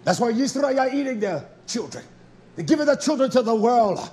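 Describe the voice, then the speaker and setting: Male preacher going off, really high voice swinging all over the place, scolding and confrontational. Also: animated, fairly quick, dark tone. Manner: confrontational, scolding, fond of rhetorical questions. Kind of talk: fiery sermon.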